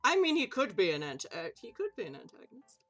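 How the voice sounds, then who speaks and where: A woman's voice: medium pitch, huge pitch swings, quick pace, a bit bright, soft background music. A woman running a tabletop game on a live stream, chatty and loose, swearing casually and laughing easily. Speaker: game master.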